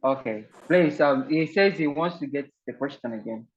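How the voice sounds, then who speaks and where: A man's voice: a little high, normal speed, husky, lo-fi sound. Polite man hosting an online game. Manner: polite, repeats words, many fillers. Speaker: online session host. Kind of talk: casual video call game hosting. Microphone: video call.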